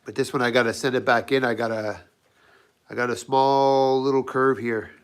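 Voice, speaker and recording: A man's voice: mid-range voice, fairly even intonation, normal speed, clear, resonant tone. Man with a cold-scratchy voice. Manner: loose, rambling, often restarts sentences. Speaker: knifemaker and channel host. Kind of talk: casual workshop livestream demo. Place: home workshop.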